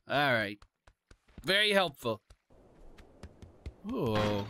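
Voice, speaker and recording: A man's voice: high-pitched, very animated, takes it slowly, long pauses, pushed and bright, slight background noise. A man doing playful let's-play commentary, chatting with game characters and laughing along. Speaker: gaming YouTuber. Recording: faint background game music.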